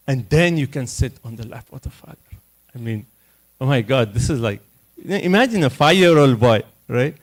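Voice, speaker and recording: A man giving a scripture class at a temple, telling the story in an animated way and often checking in with "you know" and "right?". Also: medium pitch, moderate pace, low-quality recording.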